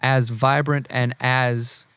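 A man's voice: mid-range voice, takes it slowly, clean tone, dry recording. A man in his forties from the US South with a Southern accent, a counselor earnestly explaining ideas in a casual podcast talk. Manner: earnest, animated, acts out quoted people. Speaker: guest, family counselor.

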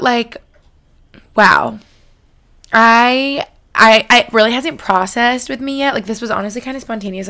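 A woman in her twenties hosting a podcast in casual, excitable chat, with lots of filler words. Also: fairly high pitch. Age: 20s. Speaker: podcast host.

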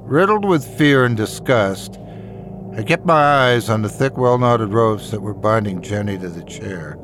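A man narrating a first-person horror story in a measured, dramatic way. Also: on the low side, animated, music in the background.

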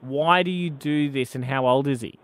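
An Australian man hosting a breakfast radio show, chatting with callers and a co-host in a teasing, joking way. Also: medium pitch. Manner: teasing, joking, quick banter. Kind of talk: casual radio banter. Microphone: studio microphone.

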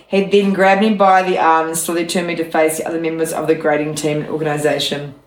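Woman reading a memoir out loud on a podcast, lowish voice, steady reading with chatty bits thrown in, echoey room. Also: fast. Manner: steady reading voice broken by chatty laughing asides. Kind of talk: reading aloud with casual asides.

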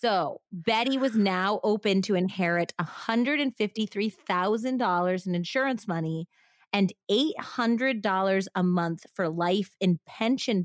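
A woman's voice: fairly low pitch, dry recording, clean studio sound. A woman hosting a true crime podcast, telling the story casually with a twang, laughing often and doing drawling voices for quotes. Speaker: podcast host.

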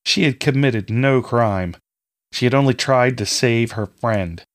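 A man reading a fantasy story aloud in a measured, steady storytelling manner. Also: medium pitch. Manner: measured storytelling, reading all parts himself. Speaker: audiobook narrator. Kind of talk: scripted fantasy narration.

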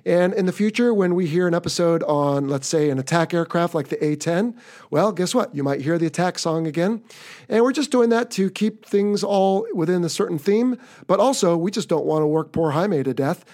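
A man's voice: sits high, normal speed, a little mellow. An American man hosting a podcast, talking in an upbeat, chatty, slightly rambling way. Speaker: podcast host. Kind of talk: casual podcast talk.

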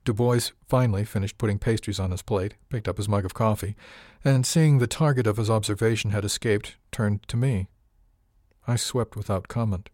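A man narrating a story in the first person, unhurried and dryly understated. His voice sits on the low side, recorded close with no room sound. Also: no room sound. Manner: calm, measured, dryly understated. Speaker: audiobook narrator.

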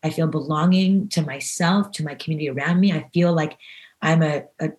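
A woman guest on a podcast talks in a low, easy voice, earnest and animated. She spills out her thoughts with plenty of fillers and restarts. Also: a little fast. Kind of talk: casual interview talk.

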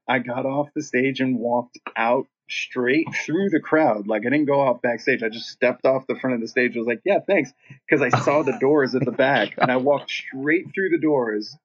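A middle-aged man, a rock singer, telling a long story in a casual interview, rambling and profane, voicing other people's lines with lively shifts. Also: medium pitch, husky. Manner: rambling, profane, animated when quoting himself and others. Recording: dull lo-fi podcast audio.

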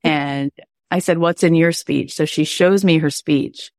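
Woman host, 40s, deep voice, emotional and chatty storytelling, dry booth sound. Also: steady tone, measured pace, dry recording. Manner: warm, emotional, chatty with many "like" fillers. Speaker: podcast host and coach. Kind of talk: personal storytelling on a coaching call.

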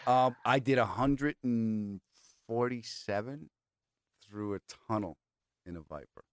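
A man hosting a podcast, telling a long story in an animated, rambling way and swearing freely. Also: on the low side, a little slow, dry recording, studio quality. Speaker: podcast host. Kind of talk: casual storytelling chat.

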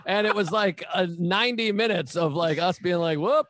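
A man hosting a casual comedy chat, telling stories with animated quoted voices. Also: high voice, moderate pace. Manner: animated storyteller, acts out quotes. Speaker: comedian host.

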